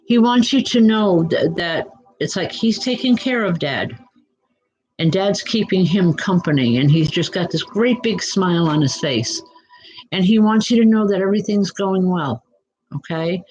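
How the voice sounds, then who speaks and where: Woman, psychic medium, gentle, reassuring, live readings, calls out names, lots of ums. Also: fairly low pitch, expressive, moderate pace, dull audio. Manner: gentle and reassuring, addresses viewers by name, frequent "um" fillers. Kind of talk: live-streamed spirit readings for viewers.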